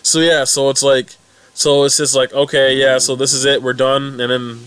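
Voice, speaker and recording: A young man casually recapping and reacting to a webcomic update, rambling and excitable with many restarts. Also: medium pitch, normal speed, clear, resonant tone, dry recording. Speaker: fan recap vlogger.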